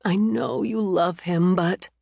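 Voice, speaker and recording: A woman's voice: on the low side, steady tone, slow, creaky, a little mellow, dry recording, heavily acted. A woman voicing a protective middle-aged mother who soothes and scolds by turns. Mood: soothing.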